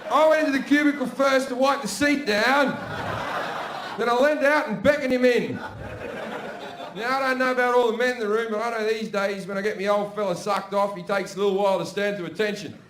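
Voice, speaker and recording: A man's voice: extremely high pitch, steady tone, fairly quick, noisy background. An Australian man performing a crude stand-up routine, telling stories full of swearing and asides to a live audience. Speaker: stand-up comedian. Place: stage before a laughing audience. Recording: roomy live venue sound.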